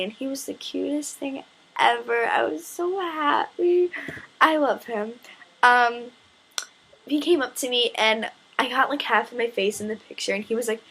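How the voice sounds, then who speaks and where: A woman's voice: a little high, fairly even intonation, moderate pace, a bit bright, slightly rough. Gushing young woman telling a fan story. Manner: gushing, breathless, full of "like" fillers. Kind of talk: excited fan vlog storytelling.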